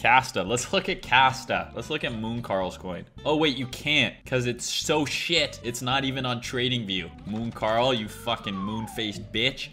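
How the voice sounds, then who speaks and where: A man's voice: mid-range voice, measured pace, few pauses, bright, forceful tone, soft background music. A man hosting a crypto market livestream, brash and crude, swearing and mocking himself while he drinks cider. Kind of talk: profane, joking livestream chart commentary.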